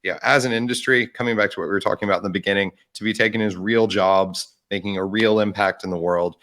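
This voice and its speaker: A man's voice: on the low side, steady tone, fast, a bit bright. A man co-hosting a podcast in casual chat, thoughtful and hedging his points. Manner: thoughtful, hedging with "I think" and restarts. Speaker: podcast co-host.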